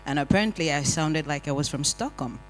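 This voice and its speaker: A panel speaker telling lively, wry personal stories in a discussion. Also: mid-range voice, fairly quick, faint music behind, rough recording. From Nigeria. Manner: animated, wry storytelling with acted-out quotes. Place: community hall panel.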